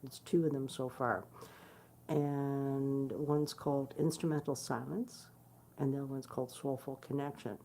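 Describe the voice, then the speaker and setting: A woman's voice: a bass voice, fairly even intonation, unhurried, dark tone, slight background noise. A woman musician talking casually to her followers, blunt and swearing freely, with many fillers and restarts. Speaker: guitarist hosting her own stream. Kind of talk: casual direct-to-camera chat.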